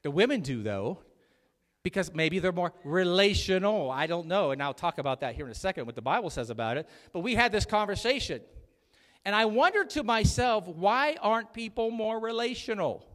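A middle-aged man preaches a conversational sermon from the pulpit, teasing his congregation and asking them to answer back. His voice sits a little high and moves up and down a lot. The sound carries the long reverb of a large church sanctuary. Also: expressive, a little fast, fairly bright tone. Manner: chatty, jokey preaching with audience call-outs. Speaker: pastor.

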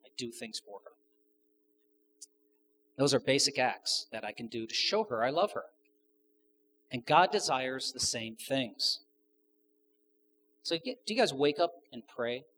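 A man's voice: medium pitch, animated, a little slow, pauses often, a bit bright, a little hiss or hum. A man preaching a sermon to his congregation, conversational, asking the audience questions and adding joking asides. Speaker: pastor.

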